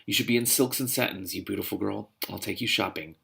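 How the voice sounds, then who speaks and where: A domineering young lover, low-pitched and gravelly, speaking softly and close, as a man reads him aloud. The delivery stays murmured and restrained rather than showy, close to the reader's own voice. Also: fast talker.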